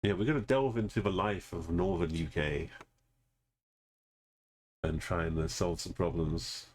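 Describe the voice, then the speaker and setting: A man's voice: deep voice, fairly even intonation, measured pace, a little hiss or hum. A man streaming a geography game, thinking aloud casually and greeting viewers in chat. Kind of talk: casual live gameplay commentary.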